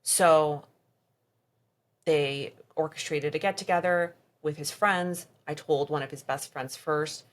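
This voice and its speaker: Woman, low-pitched voice, podcast guest, emotional personal storytelling, drops to soft near-whisper at hard moments. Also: steady tone, slow.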